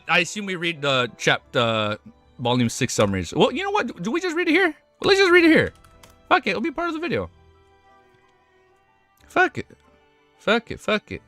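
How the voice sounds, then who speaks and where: A young man chats live on stream with a bright, animated voice that swings widely in pitch. He gets excitable, swears freely, stumbles over his words and laughs often. The mic is close and dry, with faint music underneath. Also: dry recording. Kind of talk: casual livestream chat.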